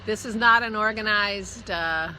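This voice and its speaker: Bright-voiced woman chatting casually. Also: mid-range voice, measured pace, slight background noise. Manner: rambling and chatty, trailing off and restarting; coos affectionately to her dog. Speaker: podcast host. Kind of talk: casual chat.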